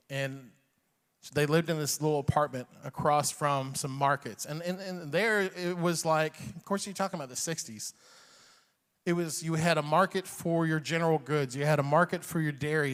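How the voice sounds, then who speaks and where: A man's voice: fairly high pitch, fairly bright tone, long reverb tail. A man in his forties, from Iran, a comedian telling a rambling personal story with chuckles and acted-out quotes. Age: 40s.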